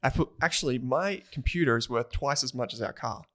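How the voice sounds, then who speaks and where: A man's voice: mid-range voice, fairly quick, a bit bright. A man, co-hosting a personal finance podcast in a rambling, chatty way and laughing easily. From Australia. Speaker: podcast co-host. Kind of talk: casual chat.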